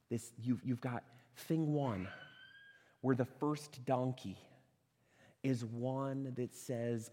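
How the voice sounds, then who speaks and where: Animated preacher in a reverberant hall. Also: male voice, mid-range voice, slightly rough. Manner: animated, conversational preaching with restarts and rhetorical questions. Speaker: pastor. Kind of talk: sermon. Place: church sanctuary.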